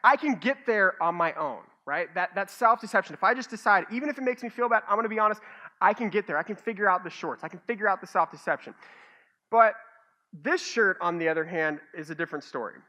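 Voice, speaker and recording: Bright-voiced male pastor preaching. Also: sits high, quick pace. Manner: animated storytelling with self-mocking humor. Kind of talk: sermon. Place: church stage.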